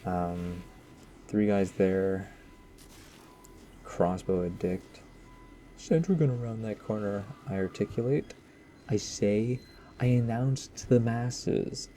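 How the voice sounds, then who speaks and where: Man, gaming commentator, rambling and self-mocking, warm dark tone. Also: on the low side, takes it slowly, long pauses, a little hiss or hum. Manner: rambling, self-mocking, joking asides to viewers. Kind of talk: casual post-game commentary.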